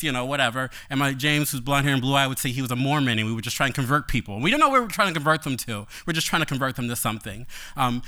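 A man telling a personal story on stage, animated and playful, later quiet and reflective. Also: a little high.

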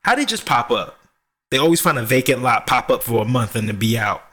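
A man's voice: mid-range voice, big pitch swings, fairly quick, a crowd in the background. A young man co-hosting a casual podcast chat, joking and slangy, dropping "yo" into his sentences. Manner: slangy, joking, says "yo" a lot. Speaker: podcast co-host.

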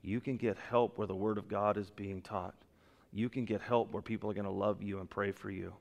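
A man preaching a sermon as pastor, animated, acting out quoted excuses, his voice swinging from loud peaks to quiet drops. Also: fairly low pitch, fairly quick, vocal fry. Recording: long reverb of a church hall.

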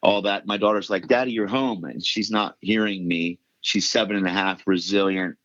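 Middle-aged guy telling his story real earnest, lowish voice, dry dull sound. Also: flat delivery, moderate pace, a bit bright, no room sound. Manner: earnest, emphatic, repeats phrases. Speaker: podcast guest. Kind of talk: testimony storytelling.

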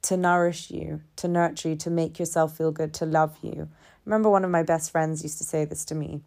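A woman speaking in a calm, measured reflective monologue, building her points through repeated phrases. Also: deep voice, vocal fry.

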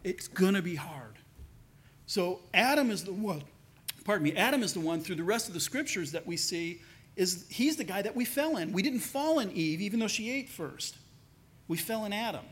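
A man's voice: animated, normal speed, a bit bright, slightly rough. A man preaching a sermon in a casual, conversational way, dropping his voice to act out quoted speakers. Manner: conversational, acts out quoted voices with lowered pitch. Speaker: pastor.

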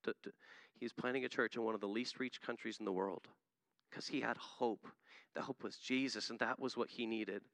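A man's voice: mid-range voice, fairly even intonation, normal speed, creaky, a bit bright, dry recording. A man preaching a sermon in an earnest manner, often building to emphatic peaks. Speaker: missionary preacher.

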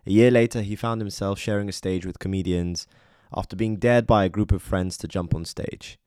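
Deep dark-voiced male narrator. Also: fairly even intonation, clean tone, no room sound, clean studio sound. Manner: measured, addresses listener directly. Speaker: documentary narrator. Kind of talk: scripted biographical narration.

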